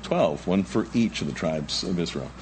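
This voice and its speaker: A man preaching an expository sermon, reading scripture and adding conversational asides, sometimes jumping to high shouting voices to act out characters. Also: normal speed, slight background noise. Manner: animated, acts out the Baal prophets in high shouting voices. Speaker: pastor.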